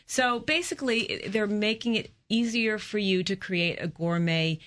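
A woman's voice: mid-range voice, normal speed, a bit bright. A woman cookbook author describing dishes and ingredients in detail on a talk show, with frequent fillers. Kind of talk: casual talk-show chat.

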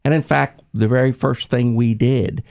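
A man, a former government IT leader, explaining his approach in a measured, methodical way with frequent ums and restarts. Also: mid-range voice, fairly even intonation, gravelly, a little mellow. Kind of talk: reflective interview answer.

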